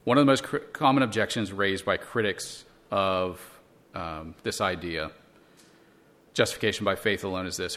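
A man's voice: low-pitched, moderate pace, a bit bright. A man teaching a church Bible lesson, earnest and explanatory, using rhetorical questions and frequent restarts.

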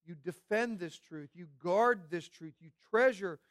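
A man's voice: high-pitched, measured pace, dry recording, studio quality. A man preaching a sermon as pastor, emphatic and repeating key phrases for weight.

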